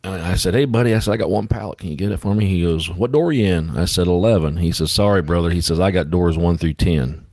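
Male podcast co-host, trucker; low, dry, blunt storyteller. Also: fast, hardly any pauses, darkish tone, dry recording. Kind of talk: casual storytelling chat.

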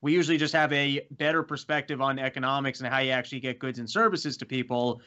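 A man's voice: mid-range voice, steady tone, fast talker, bright, forceful tone, dull audio. A man appearing as a guest on a podcast, chatting casually and explaining his ideas step by step with frequent restarts.

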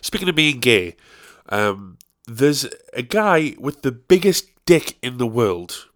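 A man's voice: medium pitch, big pitch swings, slow, fairly bright tone. A young man hosting a solo podcast, rambling casually with crude, self-mocking jokes. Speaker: podcast host.

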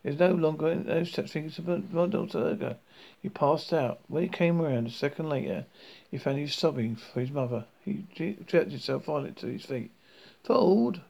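A man reading a novel aloud in a halting, self-correcting way. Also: fairly high pitch, creaky, a little mellow, low-quality recording. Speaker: reader.

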